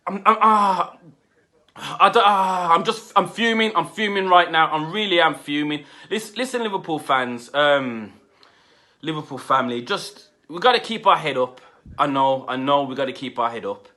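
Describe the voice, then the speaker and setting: Fuming high-voiced man venting. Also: expressive, moderate pace, bright, forceful tone. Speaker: football fan reviewer. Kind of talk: angry fan rant.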